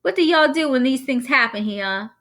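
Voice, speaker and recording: A woman voicing a worried mother with a Southern accent, gentle and fretful, while reading a story aloud. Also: high voice, expressive, moderate pace, pitched above the performer's own voice. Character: worried mother, talks Southern when upset.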